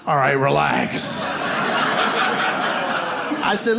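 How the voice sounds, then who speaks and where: Stand-up comic, man in his forties, high voice with a bouncy, lively delivery, working the room. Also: slow, vocal fry, pauses often. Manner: punchy crowd banter, riffing. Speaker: stand-up comedian. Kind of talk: stand-up set. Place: comedy club stage. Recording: roomy live club with loud crowd noise.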